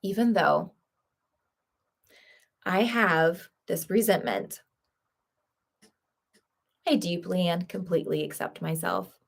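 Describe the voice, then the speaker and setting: A woman leading a group tapping session, speaking calm, short phrases for listeners to repeat. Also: on the low side, takes it slowly, vocal fry, long pauses. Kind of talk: guided tapping script, spoken in short phrases.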